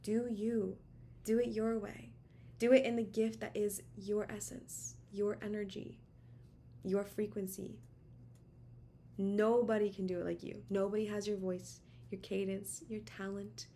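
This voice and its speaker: A woman's voice: medium pitch, flat delivery, unhurried, long pauses, mellow. Encouraging woman tarot reader, chatty. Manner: encouraging, repetitive, emphatic, chatty. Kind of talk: casual direct-to-camera channeled message. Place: home office. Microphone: camera mic.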